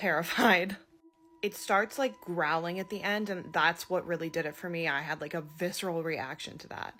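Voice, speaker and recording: A woman's voice: on the low side, fairly bright tone. A woman chatting casually to camera, nervous and chatty as she gives a warning.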